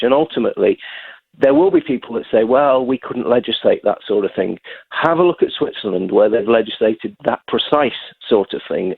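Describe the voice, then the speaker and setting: Male radio guest, firm and gravelly, on a phone line. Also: medium pitch. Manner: firm, argumentative. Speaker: guest, magazine editor.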